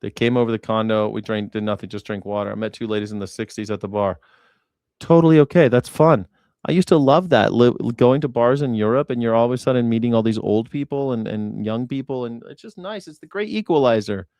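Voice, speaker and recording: A man's voice: mid-range voice, brisk, a little mellow, dry recording, clean studio sound. A man hosting a casual commentary show, telling stories in a blunt, profane way. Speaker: host.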